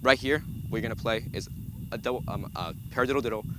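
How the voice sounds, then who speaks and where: A man's voice: mid-range voice, quick pace. A young man, a center snare drummer, walking through a drum break step by step with frequent ums. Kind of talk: instructional walkthrough. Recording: loud background noise.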